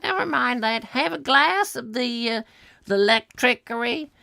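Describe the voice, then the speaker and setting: A woman's voice: fairly high pitch, lively intonation, moderate pace, sharp tone, no echo, studio quality, full character voice. A woman voicing a chatty, rambling mother in a comic sketch, wandering off into long asides. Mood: merry. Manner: rambling, self-mocking, gravelly.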